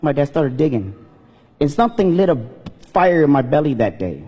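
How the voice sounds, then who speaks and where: Husky, high-voiced man telling a story on stage. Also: very animated, normal speed, warm tone. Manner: earnest, emotional storytelling. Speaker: comedian giving a speech. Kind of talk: personal storytelling speech. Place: stage in a hall. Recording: long reverb in a hall.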